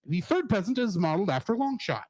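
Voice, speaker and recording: A man's voice: sits high, big pitch swings, fast, darkish tone, dry recording. A man co-hosting a casual cartoon review podcast, joking and laughing often as he talks. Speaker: podcast co-host.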